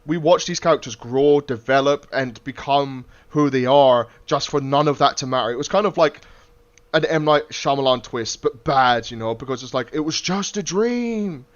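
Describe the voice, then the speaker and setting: Speaking at a normal speed and medium pitch, a man hosts a laid-back podcast conversation where he curses liberally and performs quotations. The recording has a muffled, lo-fi quality.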